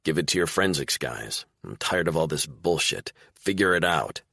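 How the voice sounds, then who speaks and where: A no-nonsense woman detective in an audiobook thriller, firm and brisk, her lines raised a little above the reader's deep voice, as a male narrator puts her on. The delivery is lively in pitch with a gravelly grain and dry, close sound. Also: no echo, exaggerated voice.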